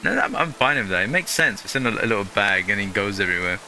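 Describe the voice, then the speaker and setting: A man's voice: fairly low pitch, very animated, fast talker, pushed and bright, slight background noise. A man hosting a gaming channel, chatting casually through gameplay in a rambling way full of fillers.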